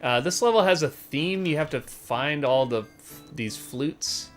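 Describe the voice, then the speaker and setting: Bright-voiced man chatting on a game stream. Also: a little high, measured pace. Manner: relaxed, rambling with many fillers. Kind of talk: casual game-stream chat. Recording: faint game music behind.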